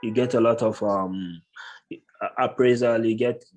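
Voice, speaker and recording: A man's voice: medium pitch, steady tone, darkish tone. A man giving casual interview answers as a guest, thoughtful and stopping often on "uh" while he explains his work. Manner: thoughtful, many filler pauses. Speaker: guest, tech professional.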